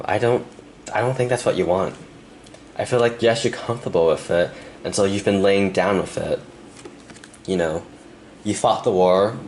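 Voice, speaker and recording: A young man with a deep, low voice gives a pick-a-card tarot reading, speaking softly and earnestly to the viewer. He leaves pauses between thoughts and turns emotional at times. A faint hum runs under the recording. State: emotional, close to tears. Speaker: tarot reader.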